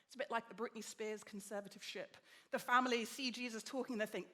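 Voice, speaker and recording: A woman preaching a sermon with lively storytelling, acting out the people she quotes. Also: on the high side, brisk. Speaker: guest preacher.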